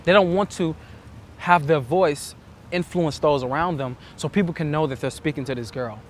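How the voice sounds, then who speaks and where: With slight background noise, a man at a slightly high pitch and normal speed delivers an instructional monologue of dating advice. He's an earnest, reflective coach who acts out the self-talk he talks about.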